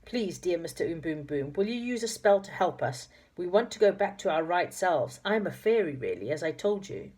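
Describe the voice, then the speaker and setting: A woman voicing a sweet fairy turned into a doll, who pleads softly and nervously. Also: fairly low pitch, big pitch swings, normal speed, few pauses. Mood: pleading.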